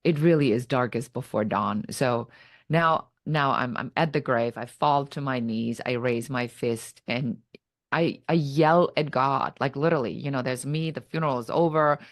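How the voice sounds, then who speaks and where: A middle-aged woman speaks in a low, dry-sounding voice as a podcast guest. She tells her story dramatically and voices her own past thoughts as if reliving them. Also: moderate pace, no echo. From Germany. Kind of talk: personal story told in conversation.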